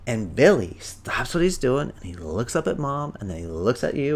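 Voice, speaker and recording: A man hosts a parenting podcast in a lively coaching voice. He keeps asking the listener questions. He slips into little acted-out scenes. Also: mid-range voice, a little fast, few pauses. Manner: animated, asks the listener questions.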